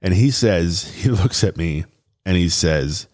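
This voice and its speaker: Deep-voiced man telling a heartfelt story. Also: measured pace, darkish tone. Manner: earnest, chatty, with restarts and fillers, getting choked up. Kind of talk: emotional personal storytelling.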